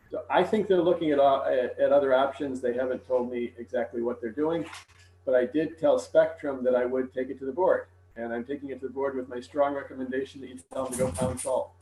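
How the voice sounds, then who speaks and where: A man giving a frank, measured report to a village board over an online meeting. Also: mid-range voice, steady tone, warm tone, roomy sound, rough recording.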